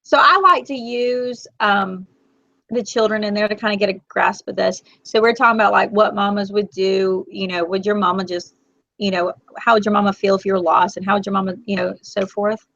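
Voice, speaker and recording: A woman in her forties hosting a casual live chat, talkative and emotional, quick to tear up. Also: medium pitch, fairly even intonation, creaky, a bit bright, no echo. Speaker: host. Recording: dull, lo-fi, dry.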